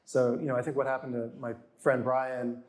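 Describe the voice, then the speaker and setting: With a flat delivery at a moderate pace, this medium-pitched man in his forties recounts stories as a guest author in a casual chat. He still acts out quotes in raised voices.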